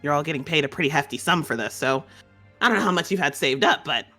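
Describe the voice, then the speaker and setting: A woman's voice: low voice, animated, fast talker, sharp tone, soft background music. A woman running a tabletop game, humming and musing, asking curious questions. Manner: curious, musing, lots of hums. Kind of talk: in-character role-play and game rulings.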